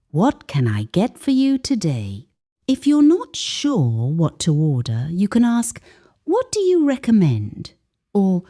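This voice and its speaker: A woman leads an English lesson in a slow, deliberate delivery, reading out example phrases clearly. Her tone is mellow and soft, with a lively, wide-ranging pitch that rises and falls through each sentence. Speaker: English teacher. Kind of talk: scripted lesson narration.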